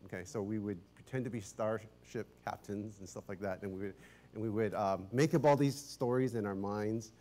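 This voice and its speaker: A middle-aged man preaching as a pastor, telling a story in a chatty, animated way, often restarting his sentences and laughing. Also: on the low side, normal speed. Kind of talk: casual storytelling sermon.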